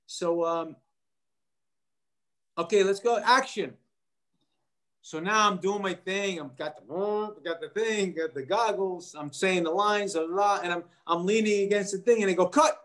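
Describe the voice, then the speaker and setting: A middle-aged man tells a story as an interview guest, fairly high for a man's voice. He is animated and brings the people in his story to life by acting out their lines. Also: moderate pace. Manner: animated, acts out quoted voices. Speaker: actor guest.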